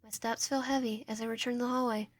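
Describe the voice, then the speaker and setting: A woman's voice: fairly high pitch, level tone, quick pace. A woman streamer reading a visual novel aloud, narration and player lines, often stumbling and restarting. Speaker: game streamer.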